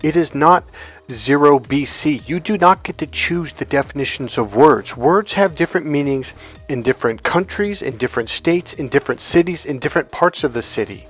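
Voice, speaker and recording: A man's voice, a little high, animated and a bit bright, moves at a moderate pace through a motivational coaching talk on relationships and dating. He's blunt and swears freely, telling stories and voicing the people in them.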